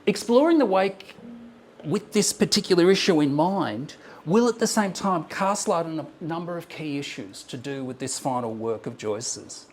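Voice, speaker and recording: At a normal speed and with an expressive, slightly high voice, a man presents his research at an academic conference. Standing in a lecture room with slides on a screen, he reasons through his points carefully, full of ums and restarts, with faint background noise.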